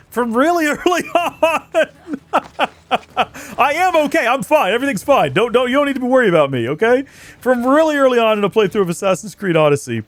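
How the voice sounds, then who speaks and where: A man giving chatty let's play commentary in a fairly high voice. His pitch swings widely as he jokes and mocks himself while he plays. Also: no echo. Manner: chatty, joking, self-mocking. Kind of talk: gameplay commentary.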